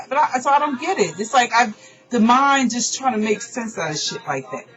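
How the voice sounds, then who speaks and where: A woman's voice: on the high side, brisk. A woman who hosts an online radio show, venting in an emotional, profane personal monologue. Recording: dull lo-fi recording with faint music.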